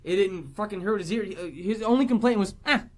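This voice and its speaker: A man's voice: high-pitched, fairly quick. A man co-hosting a casual movie review podcast, recapping scenes in detail with jokes. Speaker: podcast co-host.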